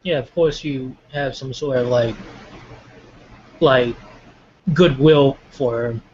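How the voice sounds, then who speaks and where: A man in a casual online group hangout talks loosely, filling his speech with "like". His medium-pitched, slightly mellow voice is slow, heard through dull lo-fi call audio with faint background noise.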